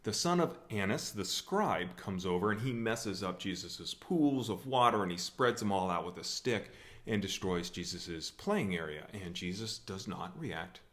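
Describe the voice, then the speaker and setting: A man from the USA giving a humorous talk on scripture at a church, telling the story in a wry, animated way. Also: sits low, measured pace. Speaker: church speaker.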